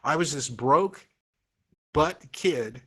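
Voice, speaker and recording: A man's voice: fairly high pitch, lively intonation, slow pace, a bit bright. A middle-aged man from Oregon teaching a real estate class online, coaxing students through the math with repeated, encouraging phrases.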